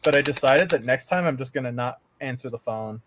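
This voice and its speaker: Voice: medium pitch, brisk, fairly bright tone, a little hiss or hum. A podcast co-host from Canada chatting casually, telling profane stories and laughing often. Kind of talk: casual chat.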